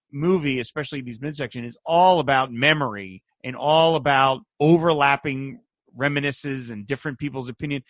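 A man's voice: fairly high pitch, no room sound, clean studio sound. A man co-hosting a podcast, chatting casually about an old movie and acting out lines in quoted voices. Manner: animated, acts out quoted voices. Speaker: podcast co-host. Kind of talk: casual film discussion.

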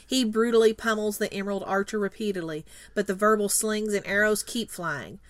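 Woman, podcast co-host, middle pitch, dry mic, playful teasing, reads recaps. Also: fairly even intonation, brisk, no echo. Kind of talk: casual chat and scripted episode recap.

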